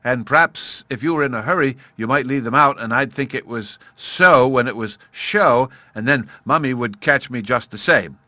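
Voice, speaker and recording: A man voicing an excitable little cave girl in a storybook reading, eager and bubbly. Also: medium pitch, normal speed, hardly any pauses, dry recording, voice pushed up, close to an everyday voice. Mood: fretful.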